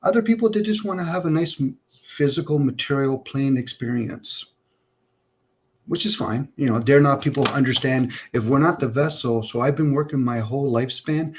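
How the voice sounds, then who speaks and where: A man's voice: mid-range voice, moderate pace. A man hosting a livestream, rambling through philosophical ideas with lots of rhetorical questions over an online call. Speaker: livestream host. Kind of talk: casual philosophical chat.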